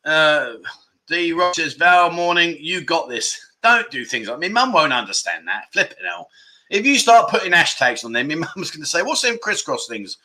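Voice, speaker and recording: Male livestream host, lively and swooping, bright sharp tone, rambling and jokey. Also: a little high, moderate pace, low-quality recording. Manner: animated, chatty, jokey, rambling. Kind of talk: casual livestream chat reading comments.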